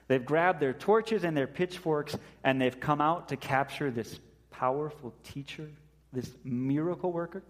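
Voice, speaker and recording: A man's voice: mid-range voice, big-room sound. A man preaching as pastor, reading scripture and then retelling a story vividly, acting out the quotes.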